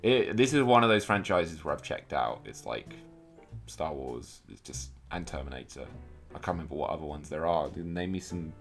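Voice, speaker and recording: A young man with a very deep voice chats casually while commenting on a film, with faint music playing underneath. He is laid-back and often lets his sentences trail off quietly. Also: expressive, moderate pace, creaky.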